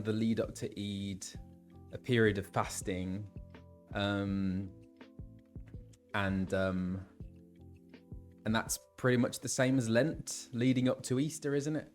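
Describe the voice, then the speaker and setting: A man's voice: on the low side, a little slow, pauses often, faint music behind. A man who voices game characters, chatting casually with his live-stream viewers and reading out where they are from. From England.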